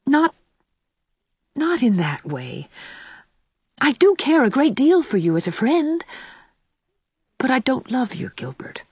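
A woman's voice: sits high, big pitch swings, slow pace, long pauses, a little mellow, husky, no echo, voice pushed up, heavily acted. A woman voicing a pleading young woman. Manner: pleading, breathless, sometimes whispered. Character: earnest, emotional young woman student.

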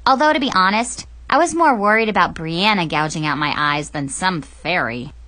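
A young adult woman reading a comic first-person story aloud as an audiobook narrator, animated and playful in delivery. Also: fairly low pitch, moderate pace.

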